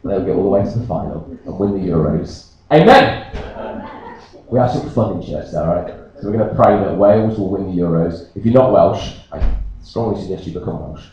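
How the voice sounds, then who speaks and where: A man from Britain, a pastor, preaching a sermon and telling a personal story in a jokey, animated way. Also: low voice, fairly quick, highs cut off. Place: church. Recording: echoey church from a distance.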